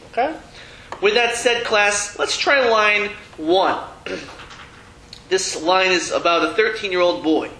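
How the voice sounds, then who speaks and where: His voice sits high and sounds pushed and bright as he teaches a Hebrew reading class in a classroom with a board, chatting, joking at his own expense, and restarting sentences often. It's a rough, roomy recording with slight background noise.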